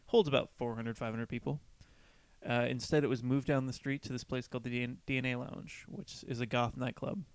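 A man's voice: medium pitch, steady tone, fairly quick, clear, resonant tone, dry recording. A man co-hosting a casual podcast chat, rambling and swearing now and then. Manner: chatty, swearing, acts out quoted people. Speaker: podcast co-host.

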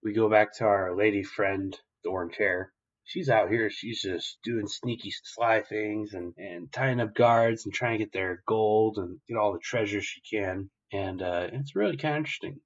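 A young man hosting a podcast, casually and profanely retelling the plot of an episode in a rambling way, in a dull lo-fi recording. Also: fairly low pitch. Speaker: podcast host.

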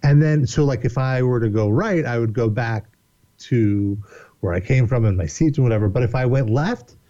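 Mellow-voiced guy on a podcast, rambly and swears a lot, kinda dull sound. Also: medium pitch, normal speed. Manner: rambling, animated, swears often, laughs a lot. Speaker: podcast guest. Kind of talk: casual storytelling.

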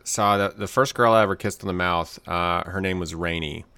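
A man's voice: low-pitched, a little fast, sharp tone, clear, resonant tone, no room sound. A man co-hosting a casual podcast chat, rambling and playful, often repeating his words. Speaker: podcast co-host.

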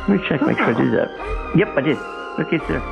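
A man's voice: a little high, very animated, fast talker, gravelly, over music. A man co-hosting a call-in talk show, rambling through fillers and restarts and cracking bawdy jokes. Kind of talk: casual joking chat. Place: California, USA. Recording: tinny phone-line sound.

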